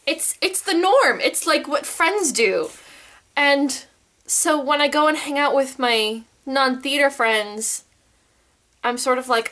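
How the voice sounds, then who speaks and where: A woman's voice: sits high, animated, normal speed, sharp tone. A teenage girl vlogging in casual chat, telling stories in a bubbly, theatrical way.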